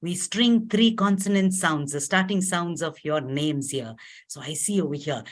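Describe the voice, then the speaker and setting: A woman facilitating an online arts workshop, gently instructing and telling a story as she leads group voice exercises. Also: sits low, moderate pace. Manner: storytelling narration with soft asides. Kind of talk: guided arts workshop over a webinar.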